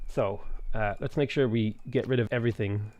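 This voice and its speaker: A man's voice: lowish voice, steady tone, normal speed, darkish tone, lo-fi sound. Irish man chatting loosely while gaming. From Ireland. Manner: rambling, swears freely, reads chat aloud. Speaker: streamer. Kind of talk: casual chat while playing a strategy game.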